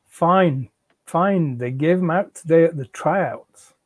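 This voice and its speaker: A man's voice: fairly high pitch, takes it slowly, a little mellow, no echo. A man in a live reading, voicing a defensive, pleading unemployed husband and father.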